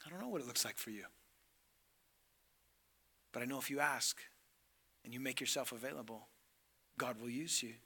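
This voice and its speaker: A man preaching a sermon to a men's gathering, moving between hushed, drawn-out lines and loud, emphatic passages as he acts out scripture dialogue. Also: on the high side.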